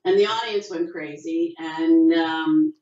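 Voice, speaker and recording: Low-voiced actress on a video call. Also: female voice, takes it slowly. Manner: animated storyteller, acts out quotes with rising pitch. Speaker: actress, interview guest. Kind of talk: casual interview over video call. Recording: dull, roomy video call audio.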